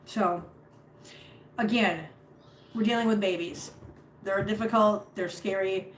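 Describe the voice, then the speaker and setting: A woman's voice: mid-range voice, steady tone, slow. A middle-aged woman chatting casually on a live stream from her home floor, rambling with many fillers and restarts. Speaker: cat rescuer streaming live. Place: home, sitting on the floor among cats. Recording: roomy home recording, faint background hum.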